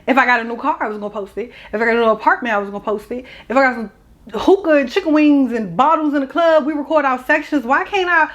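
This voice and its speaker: A woman's voice: sits high, quick pace, fairly bright tone, dull audio. A young woman, telling a personal story in a casual, candid and emotional vlog. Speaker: vlogger.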